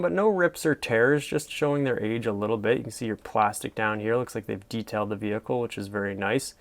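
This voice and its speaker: A man's voice: on the low side, brisk, hardly any pauses. A man hosting a casual show where he comments on classified ads, talking in an admiring, rambling way with many fillers. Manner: soft-spoken sleep-friendly delivery. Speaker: host.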